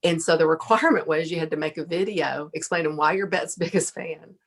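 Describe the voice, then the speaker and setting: A middle-aged woman, a podcast guest, telling a lively story, laughing often and acting out what people said. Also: deep voice, brisk. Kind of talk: casual storytelling interview.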